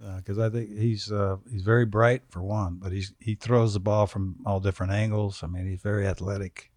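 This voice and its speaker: A man's voice: fairly low pitch, flat delivery, brisk, darkish tone. Laid-back older man spinning a crude tale. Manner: laid-back, crude anecdote told with chuckles. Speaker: podcast guest, former football player. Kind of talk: casual storytelling interview. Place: podcast studio.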